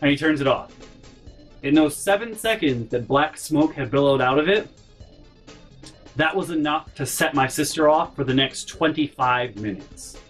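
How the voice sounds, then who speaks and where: A man's voice: on the high side, moderate pace, a bit bright, faint music behind. A young man telling a personal story in a casual vlog, exasperated and profane.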